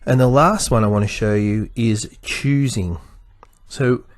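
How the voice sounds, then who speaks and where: A male teacher walks young learners through a spelling lesson, spelling each word letter by letter and sounding out every part. He talks at an unhurried, deliberate pace in a medium-pitched voice. The recording is dry and close, with no room sound. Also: no room sound. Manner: slow and careful, sounding out letters one by one.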